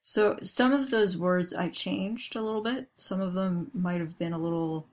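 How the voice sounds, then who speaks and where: A woman's voice: mid-range voice, moderate pace, darkish tone. A woman co-hosting a casual fan podcast, reading tweets aloud and then commenting on them with a laugh. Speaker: podcast co-host.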